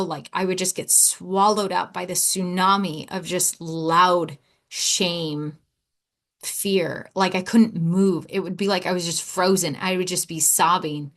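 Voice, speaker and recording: A woman's voice: mid-range voice, a bit bright. A woman hosts her own podcast and tells a personal story in a loose, candid way. She rambles a little, steps aside mid-thought, and acts out what she and others said. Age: adult, four and a half years sober. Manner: candid, rambling, with quick asides and acted-out quotes. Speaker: podcast host.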